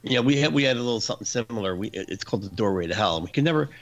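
Man with a gravelly, lowish voice; animated storyteller who laughs and mimics screaming; faint music underneath. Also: very fast, lo-fi sound, background noise. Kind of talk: casual storytelling.

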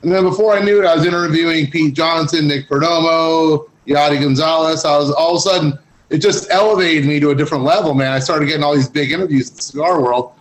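Laid-back slangy man, higher voice. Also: quick pace, low-quality recording. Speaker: guest cigar journalist. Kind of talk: casual podcast chat.

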